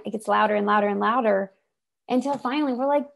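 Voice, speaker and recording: A woman giving an inspirational talk over a video call, animated and emphatic. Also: mid-range voice, fast talker, vocal fry. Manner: animated and emphatic, acts out voices. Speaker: presenter.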